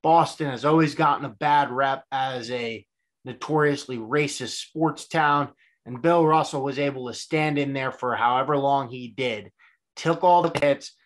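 A man's voice: medium pitch, a bit bright. A man in his twenties hosting a solo sports podcast, talking in an earnest, reflective, conversational way. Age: 20s. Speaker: podcast host.

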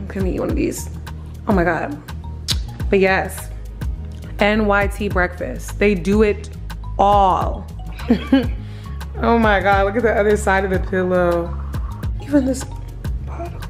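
Excitable young woman vlogging, faint music. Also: medium pitch, slow pace, pauses often. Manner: excitable, gushing, laughs often. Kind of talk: casual vlog chat to camera.

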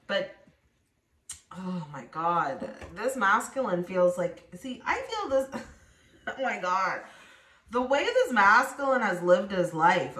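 Speaking directly to her audience, a tarot reader with a medium-pitched, slightly bright voice performs a spoken reading. She voices the people she quotes, recorded in an echoey room.

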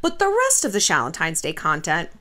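A woman's voice: on the low side, a little fast. A woman hosting her own vlog, chatting casually to the camera and saying "like" a lot. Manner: chatty, animated, says "like" often. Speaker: vlog host.

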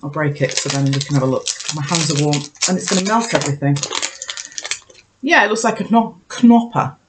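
A woman's voice: low voice, brisk, noisy background. A woman vlogger in casual chat, thinking aloud and joking at herself as she tastes snacks. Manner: chatty, self-mocking, thinks aloud while tasting.

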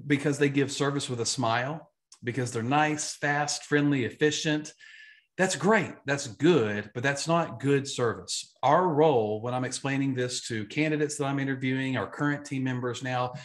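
A man, an insurance agency trainer, giving an emphatic, energetic live online training talk and repeating his key points. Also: mid-range voice.

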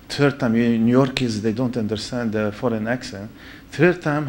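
Brief: male lecturer, foreign accent, anecdotal, middle-pitched voice. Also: moderate pace, a little hiss or hum. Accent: foreign accent in English. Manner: anecdotal, checks in with listeners with "huh?". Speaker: religious lecturer. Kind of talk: storytelling lecture to an audience.

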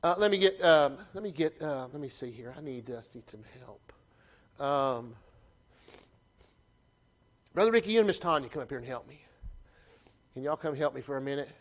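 A man with a Southern US accent preaching a sermon to his church, folksy and animated, often restarting his phrases. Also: medium pitch, normal speed, pauses often. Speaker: pastor. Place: church sanctuary.

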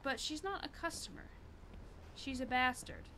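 Bright, sweary woman streamer. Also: high voice, animated, normal speed, a little hiss or hum. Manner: chatty, sweary, self-mocking. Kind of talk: casual gameplay commentary.

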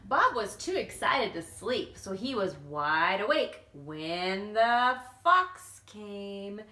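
Brief: woman reading a children's storybook, lively pitch, bright tone, roomy sound. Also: takes it slowly. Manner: animated, with playful asides to listeners. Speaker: children's book reader. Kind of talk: reading a picture book aloud to children.

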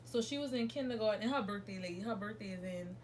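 A woman's voice: medium pitch, quick pace, slight background noise. A young woman, telling a rambling, chatty storytime to her vlog viewers from home and correcting herself as she goes. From New Orleans, USA. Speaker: vlogger. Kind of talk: casual storytime monologue.

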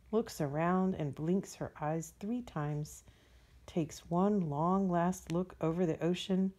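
A woman reading a bedtime storybook aloud, soft and drawn-out. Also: fairly low pitch. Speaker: storybook reader.

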